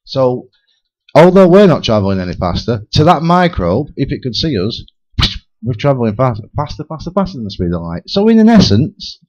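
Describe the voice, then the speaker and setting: A man spins big theories on a community radio talk show, circling back and restarting as ideas come to him. His voice sits at an ordinary middle pitch. The broadcast has a slightly dull, lo-fi sound. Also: brisk. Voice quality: lively, theorizing, many restarts. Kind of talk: rambling speculative radio chat. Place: radio studio.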